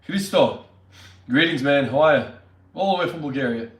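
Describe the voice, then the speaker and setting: A man's voice: a little high, lively intonation, moderate pace. Upbeat man, echoey room. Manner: upbeat, greets viewers by name. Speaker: fitness vlogger. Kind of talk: casual livestream chat. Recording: echoey room, mic at a distance.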